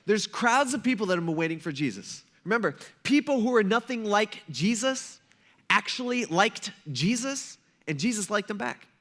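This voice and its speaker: A man's voice: high voice, expressive, moderate pace, a bit bright. A male pastor giving a casual, storytelling sermon and acting out the people in it. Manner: casual storytelling, acts out quoted voices.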